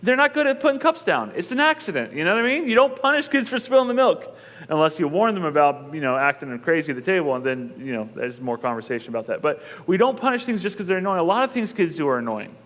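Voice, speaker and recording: Joking, emphatic preacher in a reverberant hall. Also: male voice, sits high, big pitch swings, fast talker, fairly bright tone. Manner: conversational and joking, rising to emphatic bursts. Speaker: pastor. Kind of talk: sermon. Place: church auditorium.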